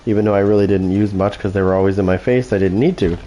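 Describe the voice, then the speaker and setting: Foul-mouthed gamer guy trash talking, mellow dark voice, bit of hiss. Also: lowish voice, fairly even intonation, fast talker, highs cut off. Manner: profane trash talk, taunting. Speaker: gaming channel host. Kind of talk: gameplay commentary.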